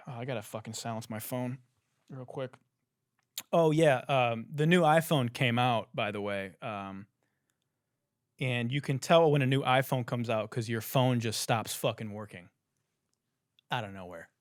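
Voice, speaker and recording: Profane, animated young man. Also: medium pitch, no room sound, clean studio sound. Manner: animated, profane storytelling, swings between hushed and loud. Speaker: podcast host. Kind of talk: casual chat.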